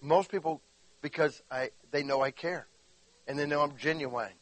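A man's voice: a little high, normal speed, no room sound, rough recording. A man preaching a sermon, telling stories in a conversational way and acting out the quotes, often asking the listeners questions. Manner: animated storytelling, acts out quotes; conversational, addresses listeners directly. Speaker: pastor.

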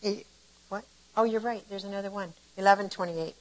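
Older female Bible teacher, relaxed and talky, animated storyteller in a casual devotional lesson. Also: medium pitch, brisk, rough recording. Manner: conversational and animated, shifting between warm explanation and lively retelling.

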